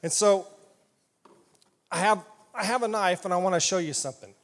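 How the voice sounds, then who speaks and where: A man from southeast Iowa preaching a sermon, animated and playful, asking the congregation questions. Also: sits high, normal speed. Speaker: pastor. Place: church hall. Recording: long hall reverb.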